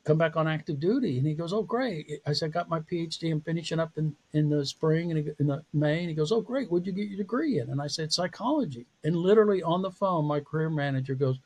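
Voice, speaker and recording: A man's voice: fairly high pitch, animated, quick pace, hardly any pauses, darkish tone, husky. A man speaking as a podcast interview guest and psychology professor, telling his career story in a candid, self-deprecating way with frequent laughs.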